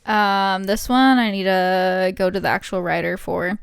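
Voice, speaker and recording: Woman, podcast co-host, casual chat, giggly reading, mid pitch, dry sound. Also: a little slow, vocal fry, smooth, no room sound.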